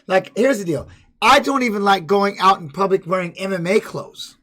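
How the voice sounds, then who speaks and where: A man and former fighter chatting casually, telling rambling stories with animated bursts. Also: sits high, normal speed. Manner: rambling, animated storytelling with laughs. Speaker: podcast host and former fighter. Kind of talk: casual chat and storytelling.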